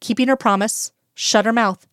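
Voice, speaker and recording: A woman's voice: fairly high pitch, steady tone, moderate pace, fairly bright tone, clear, resonant tone, dry recording. Woman reading fan fiction, dry close sound. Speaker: narrator.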